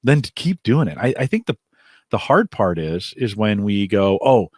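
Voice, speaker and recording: Man, podcast co-host, low voice, earnest casual chat, dry close sound. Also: sing-song, moderate pace, dry recording. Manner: earnest, laughs easily.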